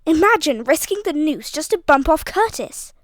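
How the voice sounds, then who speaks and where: A woman reading an audiobook voices a brash, scornful young upper-class man who blusters and mocks loudly. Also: sits high, moderate pace, no echo, clean studio sound, natural voice. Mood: blustering. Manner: loud, blustering and mocking.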